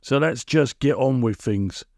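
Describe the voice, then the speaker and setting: A man's voice: medium pitch, unhurried, darkish tone, no echo, clean studio sound, natural voice. A man voicing a boastful, nasty old villain who talks in coarse broken grammar. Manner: coarse ungrammatical bluster.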